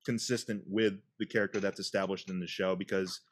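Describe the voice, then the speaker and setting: A man hosting a casual podcast chat, retelling scenes with laughs and quick put-on voices. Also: low voice. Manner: animated retelling, acts out quotes with laughs. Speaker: podcast host.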